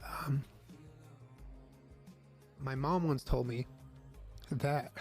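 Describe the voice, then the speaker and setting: A young man hosting a podcast, emotional and near tears as he talks haltingly to his listeners at the end of the show. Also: fairly high pitch, creaky, darkish tone, faint music behind. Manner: halting, many fillers and restarts. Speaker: podcast host and streamer. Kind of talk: casual farewell talk to listeners.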